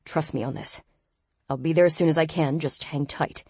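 A woman voicing a brisk young man with a sharp, curt, urgent way of talking, in an audiobook. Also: sits low, steady tone, breathy edge, no room sound.

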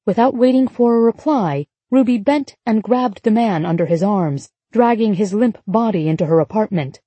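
A woman reading an audiobook in a measured, even storytelling manner on a close studio mic. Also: mid-range voice, breathy edge, no echo. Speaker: audiobook narrator. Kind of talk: scripted narration.

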